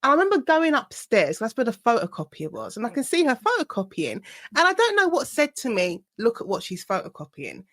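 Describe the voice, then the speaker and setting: A woman's voice: sits high, a little fast, no room sound, clean studio sound. A woman hosting a podcast, chatting casually and telling stories with frequent laughter. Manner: animated, laughs often while telling anecdotes. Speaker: podcast host. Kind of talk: casual interview chat.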